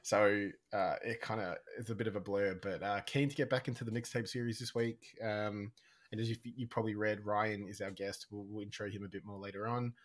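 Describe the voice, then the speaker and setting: A man co-hosting a music podcast in casual chat, talking fast with a slight lisp. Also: lowish voice, fairly even intonation. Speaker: podcast co-host.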